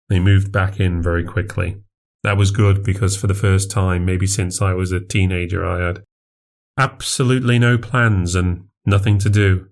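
Male podcast narrator, low register, first-person horror tale, unshowy confessional delivery. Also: a little mellow. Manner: confessional, plainspoken.

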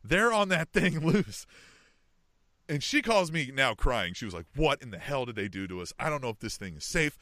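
Animated middle-aged man telling a story. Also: medium pitch, normal speed, no room sound, studio quality. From Kansas City area. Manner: animated, frequent "you know what I mean" and "right?". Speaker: podcast co-host. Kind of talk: casual storytelling chat.

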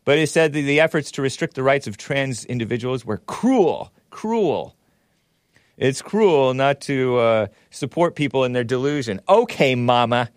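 A man's voice: mid-range voice, animated, moderate pace, hardly any pauses, no echo, studio quality. Sarcastic male commentary host. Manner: sarcastic, mocking. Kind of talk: commentary on the news.

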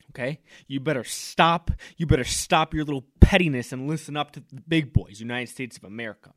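A man hosting a comedy podcast, delivering a loud, fired-up, mock-pompous rant. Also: mid-range voice, brisk, few pauses, dry recording, clean studio sound. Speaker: podcast host. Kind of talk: comic ranting monologue.

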